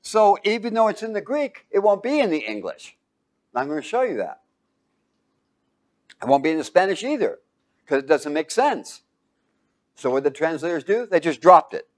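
A man's voice: sits high, sing-song, normal speed, long pauses. A man teaching a Bible class, quizzing his students with fill-in questions and breaking into sudden exclamations.

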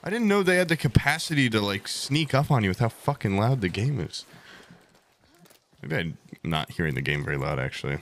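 A young man streaming a game, chatting casually and telling stories with animated, exaggerated high voices. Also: a little fast, a little hiss or hum. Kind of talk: casual gaming chat.

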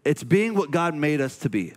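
A man's voice: on the high side, very animated, normal speed, big-room sound. Emotional, earnest male pastor preaching. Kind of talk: sermon.

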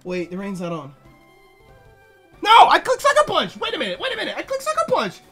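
A man commentating his video game run, swearing, swinging between yelling and muttering calculations, his voice strained from shouting. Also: extremely high pitch, wildly swooping pitch, fairly quick, soft background music. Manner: swears a lot. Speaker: gaming YouTuber. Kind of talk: let's play commentary.

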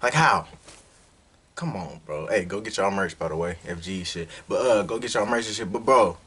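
Excitable husky man reacting to music. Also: sits low, moderate pace. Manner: loud, excitable, heavy swearing, street slang. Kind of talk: casual reaction vlog.

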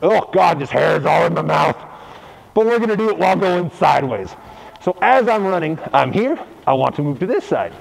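Playful man teaching, lively pitch. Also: a little fast, vocal fry, slightly rough, poor audio. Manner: playful, joking asides. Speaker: parkour coach. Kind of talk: tutorial instruction.

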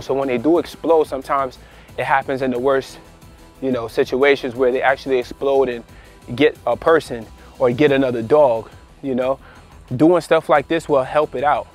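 A man working as a dog trainer, talking casually to the camera while training his dog, repeating phrases and tagging on "all right" and "you know" as he goes. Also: mid-range voice. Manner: gives short commands to his dog. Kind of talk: casual instructional talk to camera.

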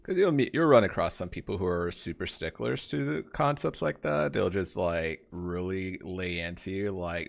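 A young man talks through a game stream in a relaxed, rambling way, reading out and greeting viewers by name. His voice sits low with a noticeable gravelly fry. He drifts from topic to topic in casual, unscripted chat. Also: normal speed, hardly any pauses.

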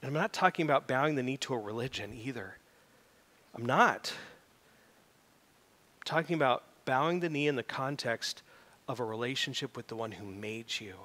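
Middle-aged male pastor, bright forceful tone, reverberant church hall, animated sermon delivery. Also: medium pitch, moderate pace. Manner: animated preaching, rising to loud emphatic peaks. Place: church sanctuary.

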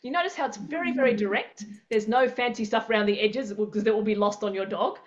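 A woman's voice: mid-range voice, quick pace, lo-fi sound. A woman teaching an interactive online workshop, acting out everyday scenarios with playful sound effects. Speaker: presenter.

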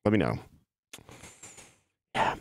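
Speaking slowly, a male streamer delivers a mock-melancholy, self-pitying comedy bit during casual stream chat, breaking into laughter. He's on a beanbag in his office. The recording is dry.

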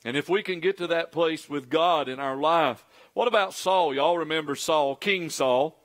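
A man's voice: fairly high pitch, normal speed, fairly bright tone. A middle-aged man preaching a sermon as pastor, acting out quoted pleas in a raised, pleading voice.

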